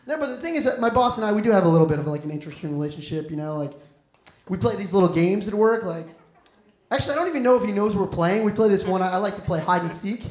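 A young man rambles through a stand-up set, mocking himself and swearing freely. His voice sits at a middling pitch, and the roomy club echo carries every line. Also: expressive, rapid-fire, a little mellow. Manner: self-deprecating, rambling, profane. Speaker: stand-up comedian. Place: comedy club stage. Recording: echoey comedy club room.

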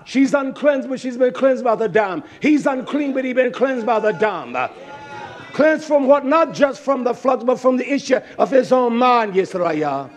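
Male preacher, high voice, combative sermon delivery, loud-to-low swings. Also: expressive, normal speed. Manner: confrontational, rhetorical questions, swings from loud to low. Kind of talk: fiery scripture sermon.

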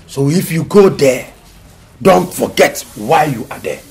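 A man's voice: a little high, expressive, measured pace, creaky. An actor playing a jovial, laughing father who talks with his family. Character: jolly Nigerian father, middle-aged, teasing. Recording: crowd noise behind.

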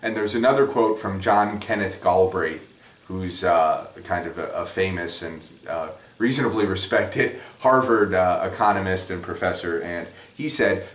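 A man's voice: low voice, normal speed. A man giving a casual, rambling spoken lesson on economics from home, conversational and self-deprecating. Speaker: economics explainer. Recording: echoey room, distant from mic.

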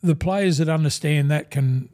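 Older australian man, guest in an interview, mellow voice, slightly high for a man, rambling storyteller, says "mate" constantly. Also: moderate pace. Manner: rambling, calls the host 'mate' constantly, acts out old conversations. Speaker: guest, former rugby league front rower.

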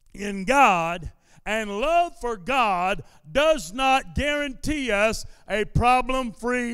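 High-voiced man preaching a sermon. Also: clean tone, no echo, studio quality, in a large hall. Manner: repetitive preaching cadence that builds into shouted declarations. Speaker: pastor. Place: church sanctuary during a service.

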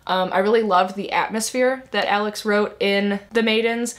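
A young woman in her twenties talks through a book haul in a casual, gushing way. She fills her sentences with "like" and "um" while her voice sits at a medium pitch. She sounds openly excited about each book. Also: normal speed. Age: 20s. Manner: chatty, gushing, many "like" and "um" fillers. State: emotional, tearing up. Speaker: book vlogger.

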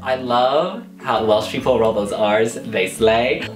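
An American man, a blogger, reacting in a casual vlog with animated exclamations and calling the viewer honey. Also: mid-range voice, takes it slowly. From United States. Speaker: Eurovision blogger. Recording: roomy echo with faint music.

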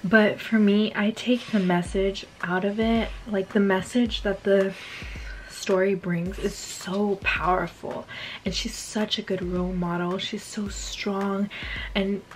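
A woman's voice: mid-range voice, slight background noise. A young woman vlogging casually while she eats, chatty and gushing, with lots of ums and likes. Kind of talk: casual vlog chat while eating.

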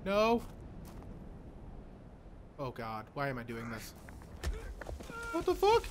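A man's voice: mid-range voice, wildly swooping pitch, slow pace, a little hiss or hum. A man playing a horror game, panicking, swearing and pleading with the game as he goes. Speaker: let's play gamer.

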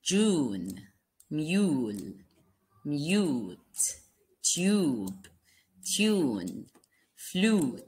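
Woman, kindergarten teacher, very slow pace, lively pitch, spells words out, asks children questions. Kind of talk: slow phonics lesson for young children. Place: classroom lesson video.

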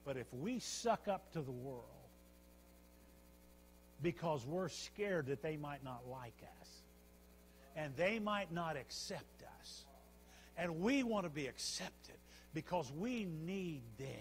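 A man pastor preaching a sermon, telling the story with animated repetitions. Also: on the high side, measured pace, a little hiss or hum. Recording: long church hall reverb.

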